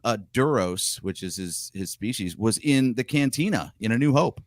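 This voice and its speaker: Another co-host on the casual fan podcast, this man chats in an opinionated way and puts pictures up on screen. He speaks in an animated mid-range voice at a moderate pace, and the recording is dry and clean, like a studio.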